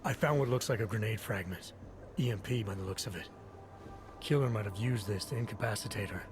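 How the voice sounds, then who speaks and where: A man's voice: on the low side, fairly quick, noisy background, natural voice. An actor playing a businesslike male forensic investigator in a video game, speaking in a clipped way. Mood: brisk.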